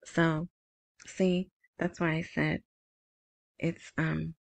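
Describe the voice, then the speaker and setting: This woman speaks extremely slowly in a low-pitched, gravelly voice with flat delivery, captured in a dry recording. She hosts a currency news show, chattily reading headlines and then commenting with asides as casual commentary on news articles.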